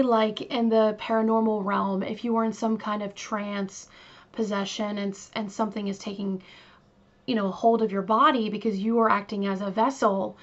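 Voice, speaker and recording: A woman hosting a true crime show, telling the case in a chatty, casual way with lots of fillers and asides to her listeners. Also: medium pitch. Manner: chatty, many fillers, talks to listeners directly. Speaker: true crime podcast host. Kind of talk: casual storytelling. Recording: slightly dull lo-fi recording.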